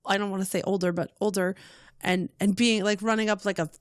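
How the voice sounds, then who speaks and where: A woman guest in a casual podcast chat, bubbly and given to squealing when she quotes her own excitement. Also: medium pitch, brisk, no echo, clean studio sound.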